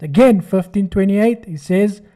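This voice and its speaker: A man with a high, warm voice speaks at a measured pace as he hosts a trading video. His screen-recorded commentary is sarcastic and mocking, and he acts out other people's voices.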